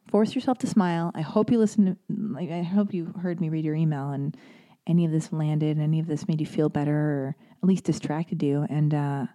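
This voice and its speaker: A woman's voice: low-pitched, dark tone. A woman hosting a podcast, reading listener emails and talking through them in an earnest, rambling way with many fillers. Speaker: podcast host.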